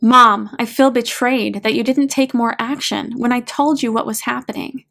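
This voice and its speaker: A woman's voice: on the high side, a little slow, creaky. A woman voicing a hurt, angry adult man who is pouring out a raw, pleading accusation to his mother. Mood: anguished. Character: hurt, angry adult male therapy client.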